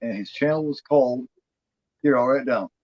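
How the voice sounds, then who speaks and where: Speaking a little fast in a mid-range voice, this horror movie chat show co-host rambles through casual talk and swears without restraint, putting on a playful drawl for the cat. The recording is lo-fi with no room sound.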